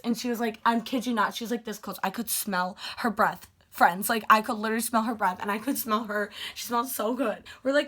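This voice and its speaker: A young woman tells a story in a vlog, excited and gushing, her talk full of fillers. Her voice is bright and a little high. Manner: gushing, animated, many fillers like "like". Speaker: vlogger.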